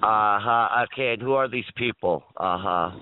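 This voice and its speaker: A man's voice: fairly low pitch, normal speed. A man on a chat line, lecturing the other caller and repeating his name over and over. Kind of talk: heated phone argument. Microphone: phone. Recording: tinny phone line.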